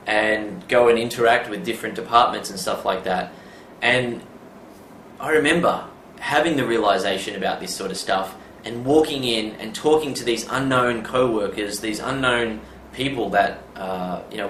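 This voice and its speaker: A man's voice: mid-range voice, fairly bright tone. A middle-aged man, a dating coach talking through his advice in a loose, conversational way and saying "you know" a lot. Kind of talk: casual instructional monologue. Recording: roomy, distant mic, faint background noise.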